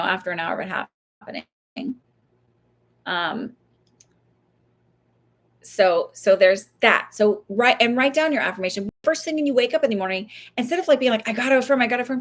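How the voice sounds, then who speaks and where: A woman psychic medium giving casual advice, chatty and rambling, who swears and laughs easily and acts out little voices. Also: medium pitch. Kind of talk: casual live-stream advice talk.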